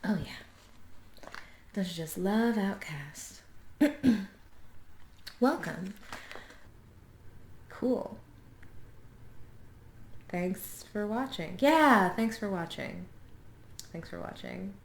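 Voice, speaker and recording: Slow, joking young woman. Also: mid-range voice, vocal fry, darkish tone. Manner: chatty, joking asides between readings. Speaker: vlogger reading a book aloud. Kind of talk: casual vlog with read-aloud passages. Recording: echoey home room, faint background noise.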